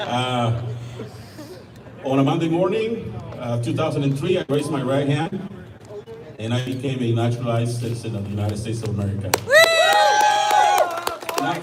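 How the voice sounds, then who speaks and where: A man's voice: medium pitch, moderate pace, pauses often, heavy background noise. A man from Mexico with a Mexican Spanish accent gives an impassioned outdoor rally speech, often stumbling and restarting. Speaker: rally speaker. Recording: echoey, from far off, crowd behind.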